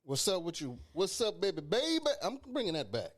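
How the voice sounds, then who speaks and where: A man co-hosts a podcast in loose, casual chat. His voice sits fairly high for a man and swings widely in pitch. He jokes around and asks curious questions. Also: wildly swooping pitch, fairly quick. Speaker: podcast co-host.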